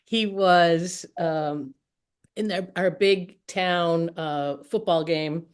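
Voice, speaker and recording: A woman's voice: on the low side, drawn-out words, clear, resonant tone. A woman hosting an interview, chatting casually with many fillers and easy laughter. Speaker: podcast host.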